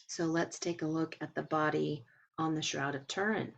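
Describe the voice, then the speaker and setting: A woman retells a talk in a casual way. She quotes the speaker and breaks in with her own asides. Her voice sits fairly low and has a husky, gravelly texture. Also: steady tone, moderate pace. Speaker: transcriber retelling a webinar.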